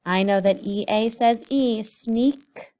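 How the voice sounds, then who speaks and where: A woman teacher giving a recorded writing lesson to young children, speaking slowly and sounding out syllables and letters. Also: a little high, lively intonation. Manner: slow, sing-song, sounds out syllables and letters.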